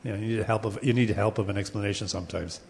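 A man with a fairly low, gravelly, slightly mellow voice races along, with slight background noise and a long hall reverb. He's giving a classroom lecture on Sanskrit poetics, explaining patiently and sometimes chanting Sanskrit verses. He often restarts sentences, using fillers.

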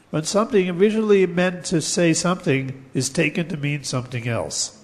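A man teaching a lecture on poetics, explaining terms step by step and chanting verses slowly. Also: on the high side, long reverb tail.

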